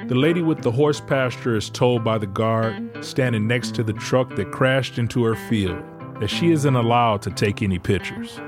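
A man narrating a radio show in measured, scripted storytelling. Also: mid-range voice. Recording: music underneath.

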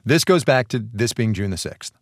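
A man co-hosting a podcast, talking in an animated, joking way with lots of quick asides. His pitch swings widely as he chats. The studio recording is dry and close, with no room sound. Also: no echo. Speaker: podcast co-host. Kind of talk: casual chat. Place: radio studio.

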